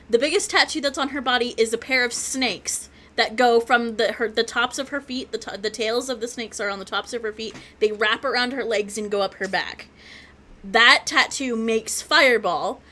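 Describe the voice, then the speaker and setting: A woman playing in a tabletop game, chatty and quick to laugh. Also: a little high, pushed and bright. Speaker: player. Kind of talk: casual tabletop play.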